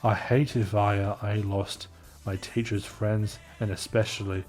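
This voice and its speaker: A gentle young princess, as a man reads her lines from a comic. She speaks softly and wistfully, slow and low, with little change from the reader's own voice. Faint music sits behind. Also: little pitch movement, lightly acted.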